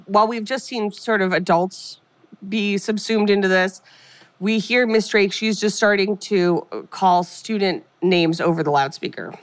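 Podcast co-host, woman in her 30s, lively storyteller who slips into voices, mid-pitched, dry close sound. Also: no room sound. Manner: animated retelling, voicing characters in quick asides. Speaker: podcast co-host recapping a film. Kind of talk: casual chat.

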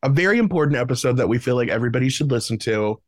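Lively, playful man co-hosting a podcast. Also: medium pitch, very fast, no room sound, studio quality. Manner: lively, playful, laughs easily. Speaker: podcast co-host. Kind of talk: casual pop-culture chat.

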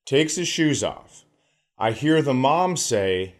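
A man's voice: mid-range voice, takes it slowly. A man in his forties, a podcast co-host telling a comedic story in casual chat, acting out the people in it. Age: 40s. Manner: animated storyteller, acts out voices.

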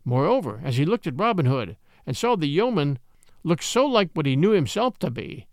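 Male storybook narrator, animated pitch, dry close sound. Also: normal speed, no room sound. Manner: expressive, lively reading. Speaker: audiobook narrator.

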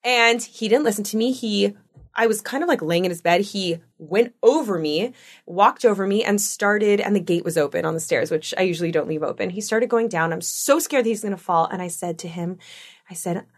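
Speaking a little fast in a mid-range voice, this thirty-something woman co-hosts a podcast. She's an animated storyteller, chatting casually and performing the quoted lines of the people in her tale.

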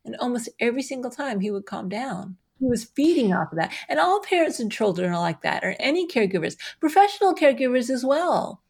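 A middle-aged woman speaks in a slightly high voice, earnest and explanatory as she answers interview questions. She gets animated and laughs now and then. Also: a little fast, gravelly, hardly any pauses, breathy edge. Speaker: guest, self-compassion researcher. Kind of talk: conversational interview.

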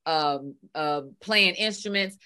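A woman with a slightly low voice tells a story with enthusiasm in casual talk show chat. She stresses her words for effect. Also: slow pace, bright, forceful tone, smooth.

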